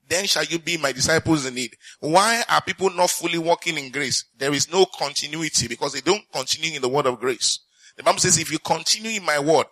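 Preacher, bright, call-and-response sermon. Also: male voice, a little high, no room sound, rough recording. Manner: reads scripture slowly and deliberately. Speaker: pastor.

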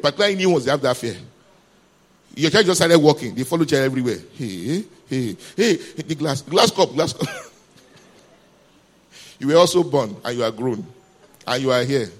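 A man's voice: mid-range voice, expressive, quick pace. A man preaching a sermon, emphatic and calling for responses from the congregation.

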